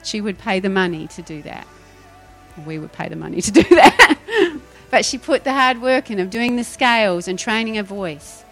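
A woman's voice: mid-range voice, moderate pace, soft background music. A woman preaching a sermon, firing rhetorical questions and acting out voices. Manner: animated, rhetorical questions, acts out quoted voices.

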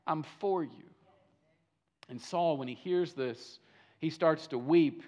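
A man's voice: a little high, slow, pauses often, darkish tone. A man preaching a sermon as a pastor, telling the story with animation and acting out the figures' lines, often repeating words and restarting sentences.

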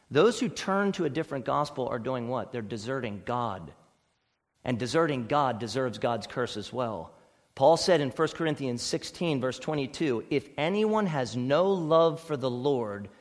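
A man preaching a sermon as pastor, emphatic, swinging between loud stressed words and quiet low asides. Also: animated, unhurried, big-room sound. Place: church sanctuary.

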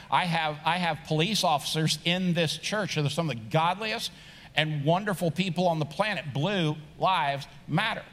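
A middle-aged pastor with a fairly high, slightly bright voice preaches a sermon in a large church sanctuary. He's conversational and joking, building to emphatic rising points, and the recording carries the long reverb of the big hall.

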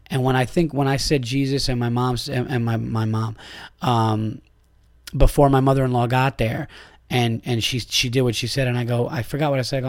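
A man's voice: medium pitch, steady tone, moderate pace, dry recording, clean studio sound. Foul-mouthed man ranting into a podcast mic. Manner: angry, crude, rambling with restarts. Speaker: podcast host. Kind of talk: profane rant to listeners.

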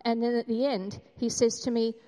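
A woman in her thirties tells a candid, self-deprecating story of motherhood, her voice pitched fairly high. She speaks in a church hall, and the long reverb trails after each phrase. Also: fairly even intonation, moderate pace, mellow. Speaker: mother giving a testimony at a church gathering. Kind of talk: personal testimony talk.

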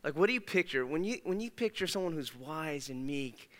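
A man preaching a conversational sermon as pastor, swinging from emphatic bursts to hushed, earnest asides. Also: fairly high pitch, animated, fairly quick, long reverb tail. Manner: conversational, emphatic, shifts between loud and hushed. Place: church sanctuary.

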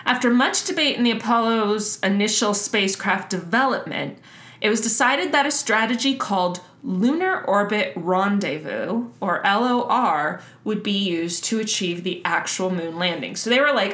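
A woman co-hosts a casual history podcast, her mid-range, slightly bright voice animated and moderately paced. She explains things loosely and chattily with plenty of fillers, and the sound echoes around the room.

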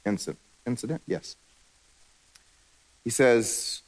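A man preaching a sermon, animated and joking, who drops low and quiet for emphasis. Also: moderate pace. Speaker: pastor.

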